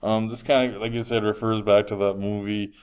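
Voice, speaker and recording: Male teacher, lower register, resonant, chatty lecture style. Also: flat delivery, a little fast, a little mellow, clean tone, highs cut off. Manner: conversational, frequent um fillers, projecting voice. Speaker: health teacher. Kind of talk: classroom lecture.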